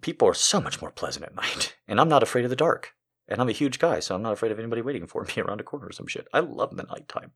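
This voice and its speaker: A man's voice: mid-range voice, very animated, racing, fairly bright tone, slightly rough. A man telling a story as a comedic monologue, a ranting, profane storyteller who makes sarcastic asides to the listener.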